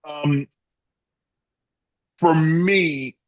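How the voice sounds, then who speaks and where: A man's voice: on the high side, very slow, dry recording. A middle-aged man, a former wrestler, telling stories as an interview guest and acting out the quotes in them. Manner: animated storyteller, acts out quotes. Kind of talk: storytelling interview answers.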